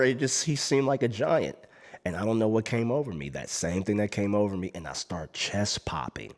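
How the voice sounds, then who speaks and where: Animated man telling a wild story. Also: normal speed. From Los Angeles. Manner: acts out his own past lines with big jumps in pitch and volume; laughs between lines, slangy. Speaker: dancer telling his story.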